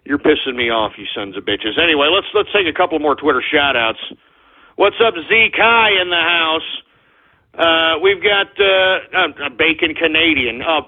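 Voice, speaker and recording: A man's voice: high-pitched, phone-quality sound. A man hosting an internet radio show, ranting agitatedly and cursing at trolls. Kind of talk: live call-in style radio rant.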